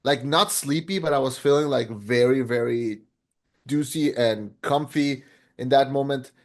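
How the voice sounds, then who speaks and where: Co-hosting a casual film podcast, this man speaks at an ordinary middle pitch and chats about movies in review mode. His talk comes in animated, rambling bursts that loop back and restart, at a slightly slow pace.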